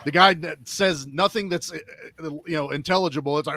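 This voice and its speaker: A man co-hosting a casual film chat, animated and acting out quotes in funny voices. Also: fairly high pitch, fast talker. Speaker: podcast co-host.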